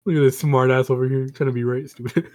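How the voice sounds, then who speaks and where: A man's voice: medium pitch, fairly even intonation, fast talker, darkish tone. A man co-hosting a casual podcast, teasing a friend, laughing often and swearing casually. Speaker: podcast co-host.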